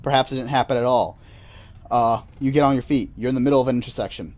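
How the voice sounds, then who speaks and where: A man's voice: mid-range voice, steady tone, quick pace, a little mellow. A man narrating a solo tabletop game in a self-amused, chatty way, dropping jokey asides.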